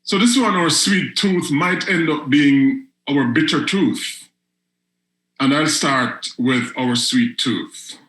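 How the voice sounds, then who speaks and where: A man hosting an online poetry show, reading his own spoken word poems in a slow, emphatic delivery that leans into repetition. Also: a little high, fairly bright tone, roomy sound, rough recording. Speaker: host and poet.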